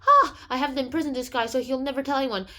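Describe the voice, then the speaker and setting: A woman voicing a scheming, self-serving male official who talks in a frantic, loud way. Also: high voice, fast talker. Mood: panicked.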